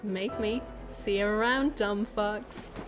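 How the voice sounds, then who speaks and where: A woman's voice: mid-range voice, slow, music in the background, lightly acted. A woman voicing a menacing male killer on the run, taunting and gloating in a game reading.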